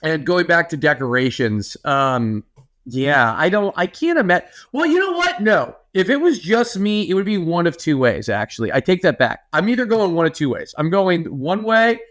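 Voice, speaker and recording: Young male podcast co-host, higher voice, lively playful casual chat. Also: normal speed. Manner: animated, playful, lots of filler words.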